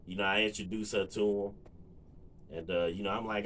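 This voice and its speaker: Laid-back dude w/ rambling a story to the cam, um's and you-knows everywhere, bright voice. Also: male voice, lowish voice, a little fast, long pauses, a little hiss or hum. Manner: relaxed, rambling, lots of fillers and asides to viewers. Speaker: vlogger. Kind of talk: casual storytelling to camera.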